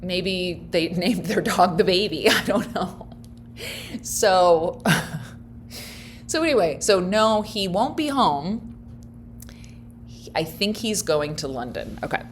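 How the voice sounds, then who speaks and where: A woman's voice: fairly low pitch, lively intonation, takes it slowly, long pauses, slight background noise. Chatty, wry woman reacting on camera. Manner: chatty and wry, laughs often, thinks out loud. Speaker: reaction video host. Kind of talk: casual commentary reacting to a clip.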